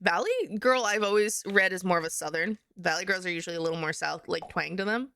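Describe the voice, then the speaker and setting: Brief: chatty woman streamer, giggly and offhand, gravelly fry, dry close-miked sound. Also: lowish voice, expressive, quick pace, bright, forceful tone, no room sound. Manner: chatty, giggly, reacting to chat. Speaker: livestream host. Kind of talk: casual livestream chat.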